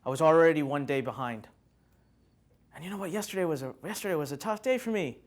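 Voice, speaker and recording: A man's voice: fairly high pitch, fast. A man speaking to a live workshop audience as a motivational speaker, telling stories animatedly, acting out scenes and joking with the room. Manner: animated storytelling, acts out scenes, jokes with the audience. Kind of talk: live motivational seminar talk.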